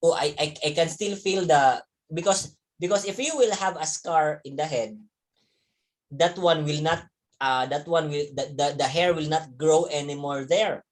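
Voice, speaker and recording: With a slightly high voice at a normal speed, a man in his 30s who teaches shares a childhood story with his young students, chuckling and repeating words throughout.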